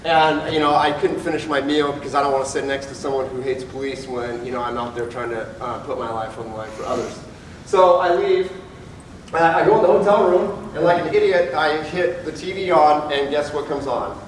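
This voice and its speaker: A police officer, his voice on the high side and a little fast, candidly relates his own story to an audience while acting out the people he quotes. He's recorded at a distance in an echoey hall, with faint ambience and slight background noise.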